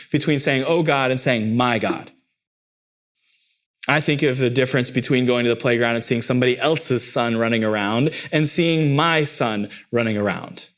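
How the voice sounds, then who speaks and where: Man preaching in church; earnest, repetitive emphasis, mid pitch. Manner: emphatic preaching, voice lifting sharply on key phrases. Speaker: pastor. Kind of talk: sermon.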